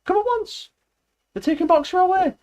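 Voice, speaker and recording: A shrill, furious old donkey. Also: male voice, brisk. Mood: alarmed. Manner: shrill, shouting and swearing. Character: old donkey, gruff and bitterly cynical.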